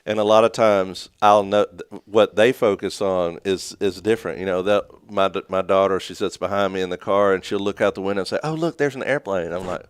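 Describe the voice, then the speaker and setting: A man's voice: sits low, little pitch movement, a little fast, few pauses, clean tone, no echo, studio quality. A middle-aged man co-hosting a talk show, chatting casually about parenting and reading listener comments aloud with easy chuckles.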